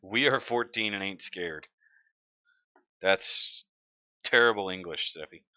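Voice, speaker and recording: Chatty male streamer, lowish pitch, dull dry desk-mic sound. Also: takes it slowly, pushed and bright, no echo. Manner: chatty, reads comments aloud, joking. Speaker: livestream host. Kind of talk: casual live-stream chat.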